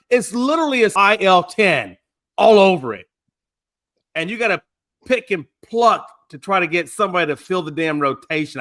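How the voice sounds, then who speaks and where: A man co-hosting a casual sports talk stream, animated, swearing and laughing as he vents about his team's injuries. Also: on the high side. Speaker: sports show co-host.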